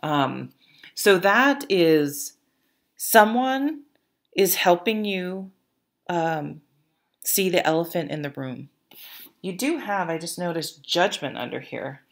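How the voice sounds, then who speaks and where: A woman's voice: on the low side, animated, takes it slowly, long pauses. A woman giving a casual tarot reading, chatty, with lots of fillers and restarts, and now and then laughing at her own stories. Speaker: tarot reader.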